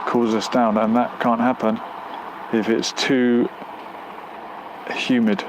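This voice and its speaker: A man from the United Kingdom hosts a casual live stream outdoors near a road, reading out viewer comments and musing aloud with plenty of fillers. His voice is medium-pitched, flat, and slow, with a noisy background.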